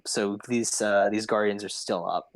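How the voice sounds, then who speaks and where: A man narrates a tabletop game as game master, pausing often on fillers while he adds up dice. His delivery is slow and unhurried. The sound is dry and close to the mic. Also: lowish voice, steady tone, no room sound, low-quality recording. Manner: halting, many fillers, tallies dice aloud.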